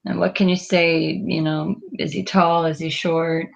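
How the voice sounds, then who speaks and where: A woman's voice: lowish voice, level tone, measured pace, gravelly. A woman teaching a Spanish class, patiently going over exercises and prompting students with questions, with a lot of fillers.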